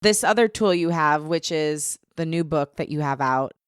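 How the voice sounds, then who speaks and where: A woman's voice: deep voice, normal speed, smooth, no echo. Enthusiastic woman podcast host, dry sound. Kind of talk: casual interview chat.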